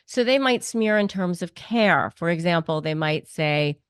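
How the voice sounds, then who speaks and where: A woman's voice: on the low side, expressive, measured pace, clear, resonant tone, dry recording, clean studio sound. A woman hosting an advice interview, speaking emphatically and repeating her key points. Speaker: host.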